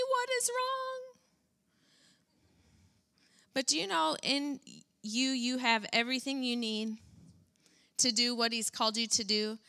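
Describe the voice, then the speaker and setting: Bright-voiced woman preaching. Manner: animated, acts out whiny complaints in a high voice. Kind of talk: sermon.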